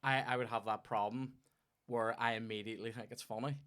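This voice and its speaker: A Northern Irish man telling sweary, animated stories in a casual comedy podcast chat. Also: mid-range voice, a little fast, clean tone. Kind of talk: casual banter and storytelling.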